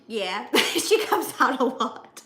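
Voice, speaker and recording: A woman from the US Midwest chatting casually, giggly and animated as she tells stories. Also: on the high side, slow pace, reverberant. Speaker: guest, fiancée of the cameraman. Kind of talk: casual chat.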